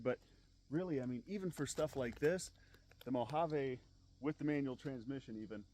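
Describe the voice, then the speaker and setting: A man's voice: mid-range voice, a little mellow. A man casually narrating as he drives a truck along a rocky trail, explaining things in an easygoing way and chuckling now and then. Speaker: car reviewer. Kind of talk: casual narration while driving off-road. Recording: engine and road noise from a truck cab.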